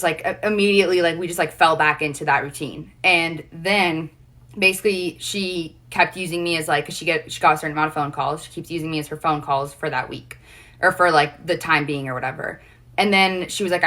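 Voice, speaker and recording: Young woman, livestream guest; low pitch, bright edge, rambling casual storytelling. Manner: rambling storytelling, heavy "like" fillers.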